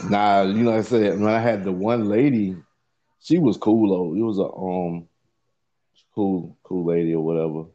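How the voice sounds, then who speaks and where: A man's voice: low voice, fairly even intonation, normal speed, warm tone, lo-fi sound. A man telling an embarrassing story in a casual podcast chat, rambling with lots of fillers and swearing.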